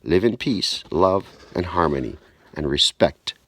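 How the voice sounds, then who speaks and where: A man delivering a spoken-word preaching monologue, slow and deliberate with repeated emphasis. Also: deep voice, expressive, fairly bright tone.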